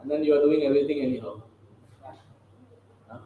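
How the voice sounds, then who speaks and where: Speaking fairly quickly in a fairly high voice, this man teaches a scripture class in a chatty style, often checking in with the audience through rhetorical questions. The audio has a phone-like quality and comes from a very reverberant room with faint noise.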